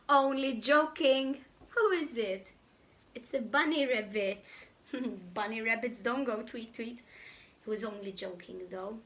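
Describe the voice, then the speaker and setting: A woman's voice: fairly high pitch, slow pace. A woman reading a picture book aloud to young children, playful and speaking straight to them. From Malta. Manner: animated, playful, talks to the children directly. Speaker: children's storyteller.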